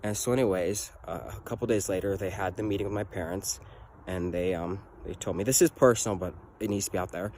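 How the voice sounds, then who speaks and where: Teen boy, low voice, earnest rambling storyteller, clear vehicle noise behind him. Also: quick pace, darkish tone. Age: teens. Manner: earnest, rambling, keeps saying "anyways". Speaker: student telling his own story. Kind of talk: personal story to camera.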